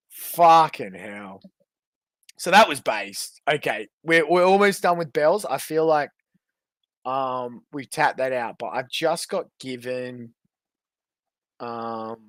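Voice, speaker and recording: Slow, crude, mocking male streamer. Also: on the high side, no echo, studio quality. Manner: profane, mocking, laughs often. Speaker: streamer ranking online personalities. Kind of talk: casual crude live-stream commentary.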